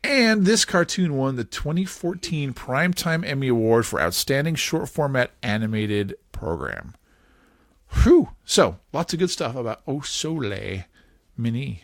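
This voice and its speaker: A man hosting a casual podcast, talking in a playful, animated way and laughing often. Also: medium pitch, unhurried, dry recording, clean studio sound. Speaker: podcast host.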